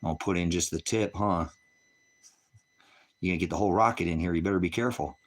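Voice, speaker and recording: A man's voice: sits low, fast. A man on a ranch ranting angrily on a livestream, profane and taunting. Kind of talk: angry livestream rant.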